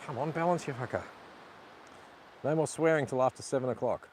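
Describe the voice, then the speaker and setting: A man with a mid-range, slightly mellow voice talks a little fast while live-vlogging by the sea and struggling with his camera gimbal. Frustrated, he swears at it frequently and apologizes to those watching; passing vehicles can be heard outdoors.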